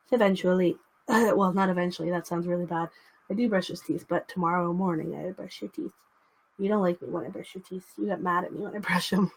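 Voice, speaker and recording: A woman's voice: lowish voice, fairly even intonation, fairly quick. A young woman hosting a casual livestream, chatting to viewers and cooing baby talk to her dog. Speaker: livestream host.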